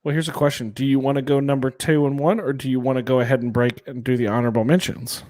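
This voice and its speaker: A man's voice: medium pitch, little pitch movement, quick pace, a little mellow. A man co-hosting a podcast in casual chat, opinionated and talkative, calling out to viewers. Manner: chatty, opinionated, calls out to live viewers. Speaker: podcast co-host.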